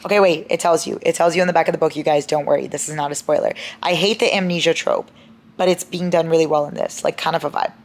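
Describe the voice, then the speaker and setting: Chatty young woman with a lowish voice. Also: fast talker, a little hiss or hum. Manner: chatty, expressive, swears freely, bursts into laughter and shocked outcries. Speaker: book vlogger. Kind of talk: casual reading vlog chat.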